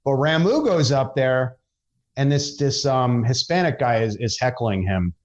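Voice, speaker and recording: A man's voice: mid-range voice, animated, measured pace, lo-fi sound. Hesitant male comedian telling a road story. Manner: hesitant, many fillers and restarts. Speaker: stand-up comedian guest. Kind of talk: casual storytelling.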